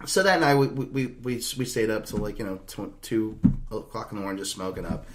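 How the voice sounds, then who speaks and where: A man's voice: on the low side, fairly quick, noisy background. A young adult man telling a long, rambling, profane road-trip story on a podcast, laughing as he goes. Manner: rambling, profane, laughs through his anecdotes. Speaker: podcast host. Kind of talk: casual storytelling.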